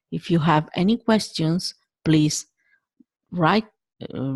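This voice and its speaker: A woman's voice: sits low, no echo. Woman, Italian accent, language teacher, careful vowel demonstrations, dry close sound. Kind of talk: language lesson.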